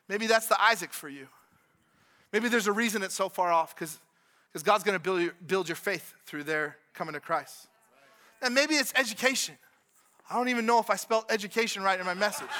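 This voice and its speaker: A man preaches to his congregation in a relaxed, conversational style. His voice sits high and bright. He circles back over his own phrases and slips in quick asides as he goes. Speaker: pastor. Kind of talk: sermon. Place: church with congregation.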